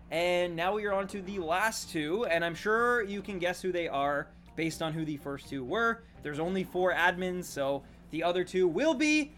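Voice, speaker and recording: A man streaming a video game live, commenting excitedly on his moves and chatting with viewers. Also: a little high.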